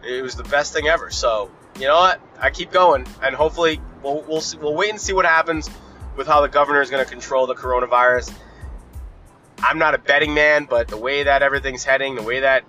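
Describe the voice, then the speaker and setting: A man's voice: mid-range voice, brisk, bright, forceful tone, soft background music. A man hosting a podcast, talking casually from his car in a blunt, profane, rambling way. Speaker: podcast host. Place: in a car while driving.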